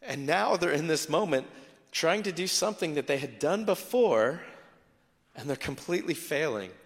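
A man, a pastor, preaching a sermon in a conversational, animated way with acted asides. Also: a little high, moderate pace, in a large hall.

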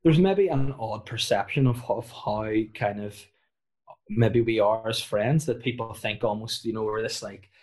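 A man's voice: on the low side, normal speed, darkish tone. A man in his thirties, a comedian, telling self-mocking stories in a rambling casual chat, full of fillers and restarts. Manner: rambling, self-deprecating storytelling with many fillers. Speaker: comedian and podcast guest.

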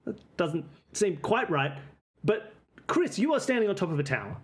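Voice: mid-range voice, sing-song, moderate pace. A game master narrating a tabletop game in a playful, laughing way.

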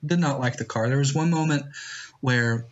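A man's voice: mid-range voice, normal speed, muffled recording. A man, a pastor guest on a podcast, telling family stories in casual chat and laughing at himself. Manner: storytelling, self-deprecating, laughs at his own stories.

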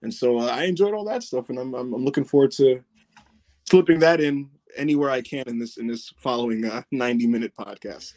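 A man hosting a podcast, telling stories in casual chat, animated, swearing and laughing often. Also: medium pitch, fairly quick. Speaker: podcast host.

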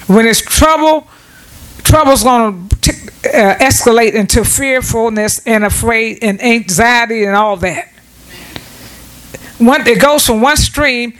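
A woman preaching a devotional sermon at home, earnest and repetitive, often breaking in with amens. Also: on the high side. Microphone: self-set camera.

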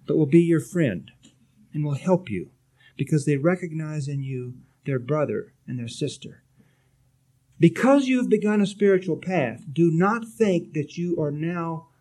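A man giving a sermon as a spiritual teacher, gently exhorting his listeners with light touches of humor. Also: on the high side.

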